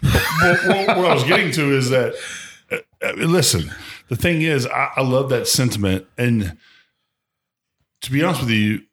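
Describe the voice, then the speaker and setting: A man co-hosting a podcast, animated as he tells stories in casual chat, often restarting his sentences. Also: medium pitch, normal speed, long pauses. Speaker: podcast co-host.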